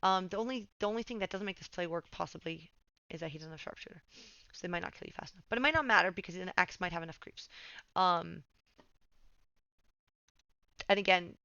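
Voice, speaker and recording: A woman's voice: lowish voice, brisk, long pauses, sharp tone, smooth, no echo, lo-fi sound. A young woman giving casual game coaching over a replay, swearing often and getting heated as she rants.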